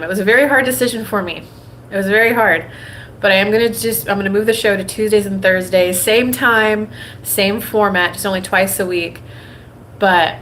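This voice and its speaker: A woman hosting a spiritual livestream at an ordinary, mid-range pitch. She talks in a conversational, repetitive rhythm and pops into little acted-out quotes. A faint hiss sits under her voice. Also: a bit bright, low-quality recording. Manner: conversational, acts out quoted inner voices in a higher tone; repetitive and rhythmic when making a point. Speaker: host of a live spiritual reading show. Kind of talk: livestream talk with a channeled-style message.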